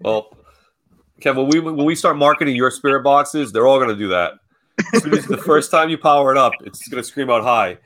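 A man's voice: medium pitch, a little fast, a bit bright, slight background noise. A man, a guest, making wry jokes in casual talk. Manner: joking, wry. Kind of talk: casual chat.

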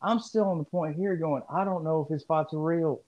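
A man's voice: a little high, normal speed. A man co-hosting a podcast in casual chat, rambling and profane as he riffs. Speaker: podcast co-host. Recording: muffled lo-fi audio.

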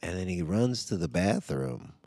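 Gravelly low-voiced man telling a rambling story. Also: sing-song, moderate pace, warm tone, no room sound. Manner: rambling, heavy on "like" and "right?" asides. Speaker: podcaster and father. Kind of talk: casual storytelling. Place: at home.

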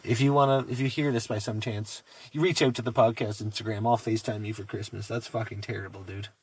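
A man's voice: fairly low pitch, steady tone, quick pace, darkish tone, husky. A man co-hosting a podcast in casual chat, reading posts aloud and ranting with lots of profanity and mocking voices. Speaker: podcast co-host.

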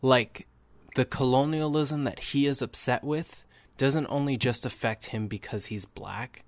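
A man's voice: mid-range voice, a little slow, no echo. A young man hosting a podcast, giving casual, enthusiastic movie reviews with lots of fillers and restarts. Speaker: podcast host.

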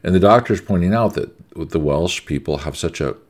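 Male preacher, American, middle-aged, very low voice, swings up and down a lot, emphatic conversational sermon. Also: expressive, normal speed. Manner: emphatic, conversational, repeats words for stress.

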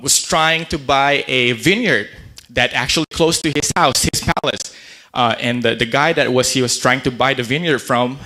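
A man's voice: medium pitch, sharp tone. A man preaching a casual sermon, retelling Bible stories in a chatty way with many fillers and repeated words. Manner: conversational, acts out quotes in a chatty voice. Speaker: pastor.

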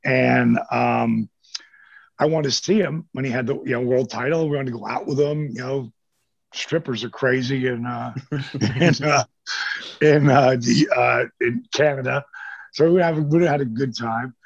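A man's voice: mid-range voice, measured pace, gravelly, no echo, highs cut off. An older man, a former pro wrestler, telling rambling, profane stories as an interview guest, with lots of restarts. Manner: rambling, profane, animated storyteller with many restarts. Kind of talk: casual storytelling.

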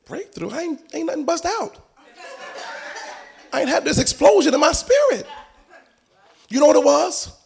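Animated high-voiced male preacher, gravelly edge. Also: normal speed, pauses often. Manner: animated, building to shouting, with playful asides and laughter. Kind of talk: sermon.

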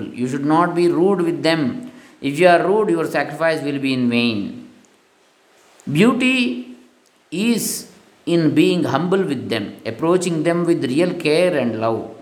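Earnest man reading a spiritual lesson. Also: on the high side. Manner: earnest, moralizing. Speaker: spiritual teacher. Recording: echoey room.

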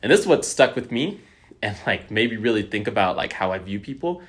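A man's voice: lowish voice, sing-song, a little fast. A young man in casual chat who tells stories, acts out quoted lines, swears freely and uses lots of fillers.

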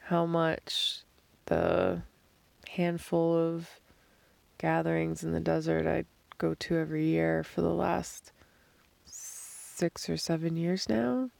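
Hoarse, gravelly woman musing slowly. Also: sits low, steady tone, darkish tone. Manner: slow, halting, thinking aloud with pauses. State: hoarse from screaming and crying. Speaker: podcast host. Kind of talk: reflective solo voice diary. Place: outdoors in the desert at night, lying under blankets. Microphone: phone held above her face.

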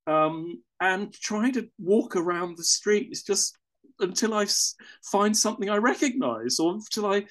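A man's voice: high-pitched, expressive, measured pace, a bit bright. An English man telling a personal story in a casual, rambling way, often correcting himself mid-sentence. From England. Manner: rambling, self-correcting, with chuckles.

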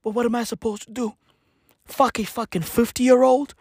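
A woman's voice: on the high side, steady tone, a little mellow, slightly rough, no room sound, studio quality. A woman voicing a clingy male superhero who pleads in a whiny voice. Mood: pleading. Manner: whiny, pleading, rapid questions.

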